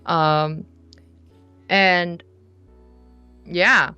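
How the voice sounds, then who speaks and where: A young woman from South Korea, chatting casually in an interview, relaxed and rambling with many fillers and restarts. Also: fairly low pitch, extremely slow, smooth, dry recording, lo-fi sound, faint music behind. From Seoul, South Korea. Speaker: musician guest. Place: her bedroom studio.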